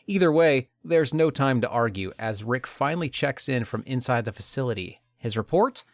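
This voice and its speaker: A man's voice: mid-range voice, expressive, moderate pace, dry recording, clean studio sound. A male podcast host retelling a video game's story, with dramatic storytelling and jokey asides.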